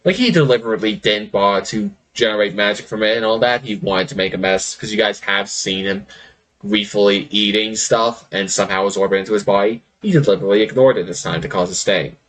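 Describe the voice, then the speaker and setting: A man's voice: fairly low pitch, fairly bright tone. A man narrating a tabletop game as game master, loose and rambling. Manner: loose, rambling, quick to laugh.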